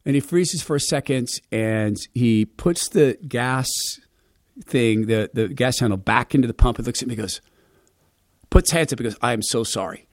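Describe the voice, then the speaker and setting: A middle-aged man hosting a radio show, telling a personal story to his listeners in an earnest, heartfelt, conversational way with quick restarts. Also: medium pitch, dry recording, studio quality. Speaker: radio and podcast host.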